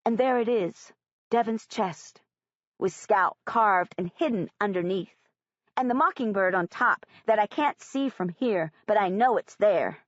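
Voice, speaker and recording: A woman narrates a first-person audiobook in a plain, earnest storytelling voice. The recording is close and dry with little room sound. Its tone is a touch dull in the highs. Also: a little slow, dry recording.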